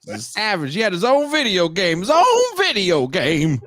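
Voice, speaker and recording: A man voicing a boastful old man holding court at a barbershop, in a high, bragging old-timer drawl. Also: huge pitch swings, normal speed, a bit bright, no room sound, studio quality, heavily acted.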